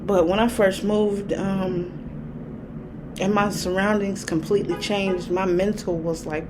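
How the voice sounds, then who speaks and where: A woman's voice: mid-range voice, level tone, a little slow, noisy background. A woman hosting her own spiritual channel, telling a personal story in a chatty, casual way with lots of laughter. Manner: chatty, laughs often, vivid quoted reactions.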